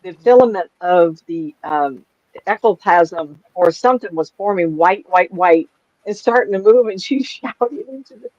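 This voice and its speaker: A woman's voice: on the low side, expressive, normal speed, darkish tone, no echo. A woman in her sixties, a psychic medium, talking casually to a small group in a rambling, chatty way that is full of laughs. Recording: dull, lo-fi and dry.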